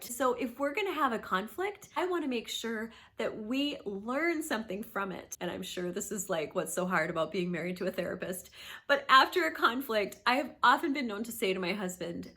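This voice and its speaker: A woman in her thirties, a therapist and host, explaining conflict and apology in an earnest, emphatic talk that sometimes drops to a soft whisper. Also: medium pitch, sing-song, fairly quick. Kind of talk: warm instructional talk to camera.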